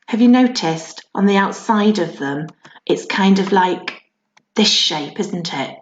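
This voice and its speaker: A woman teaching young children, reading a comic aloud in a gentle, encouraging, animated way, with an English accent. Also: medium pitch, slow pace. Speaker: primary school teacher. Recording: roomy dull home lesson recording.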